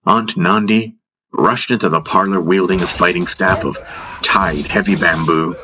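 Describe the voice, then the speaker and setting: A man narrating a fantasy audiobook in the first person, in a measured storytelling manner. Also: low-pitched, steady tone, bright, forceful tone, a little hiss or hum.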